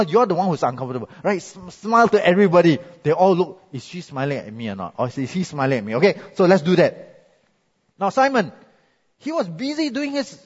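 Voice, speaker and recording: Husky Singaporean pastor in echoey hall. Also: male voice, high voice, dull audio. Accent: Singaporean English. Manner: chatty, animated storytelling with frequent "right?" tags. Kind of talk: sermon. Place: church hall.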